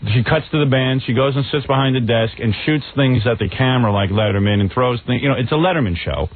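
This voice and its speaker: A man's voice: medium pitch, quick pace. A man in his forties hosting a radio talk show, blunt and mocking, stammering through restarts. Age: 40s. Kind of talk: casual radio chat. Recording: tinny narrow radio broadcast.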